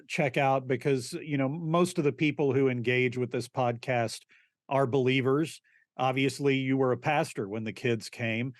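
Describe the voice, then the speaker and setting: A man's voice: medium pitch, no echo, studio quality. A man hosting a podcast, thanking his guest and asking a follow-up question with a few fillers. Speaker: podcast host. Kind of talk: interview questions.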